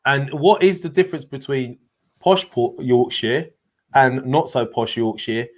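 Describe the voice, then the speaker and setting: A man of middle pitch co-hosting a loose banter stream, quizzing his co-host and taking viewer questions with a teasing edge. He talks in a relaxed, chatty way. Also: measured pace. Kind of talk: casual live-stream banter.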